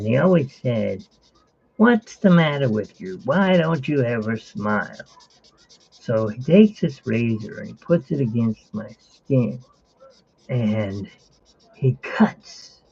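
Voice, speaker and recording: A menacing clown villain draws out his words slowly and theatrically and sometimes drops into a hiss, as a man puts him on. Under the act the voice is rough and husky, and the audio is muffled and lo-fi. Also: medium pitch, darkish tone, heavily acted. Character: menacing male clown villain telling a scar story.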